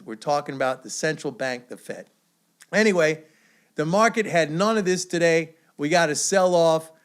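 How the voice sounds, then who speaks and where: A man hosting his own economics commentary video, talking in a confident, emphatic, lecturing way. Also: on the high side. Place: away from usual studio.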